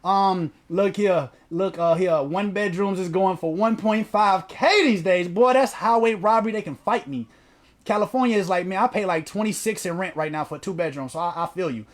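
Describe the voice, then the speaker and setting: A man's voice: sits high, normal speed. A man hosting a livestream in casual chat, slangy and profane, reading viewer comments aloud. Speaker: livestream host.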